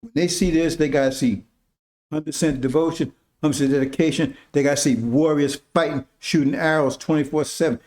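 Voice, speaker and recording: Man, informal preacher, slightly high voice, emphatic, casual slang, repetitive. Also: fairly even intonation, a little fast, a little mellow. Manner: emphatic, repetitive, keeps asking "See?". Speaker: religious teacher.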